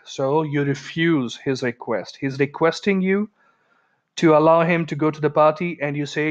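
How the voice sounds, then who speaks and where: A man's voice: fairly high pitch, normal speed. A man teaching an English grammar lesson in a chatty way, acting out everyday example dialogues. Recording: dull lo-fi recording.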